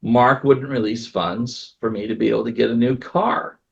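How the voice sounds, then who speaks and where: Man doing an elderly widow, plaintive, complaining, gravelly, lo-fi. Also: mid-range voice, fairly even intonation, moderate pace, lightly acted. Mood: upset. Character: elderly widowed mother, upset and pleading. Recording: dull lo-fi recording.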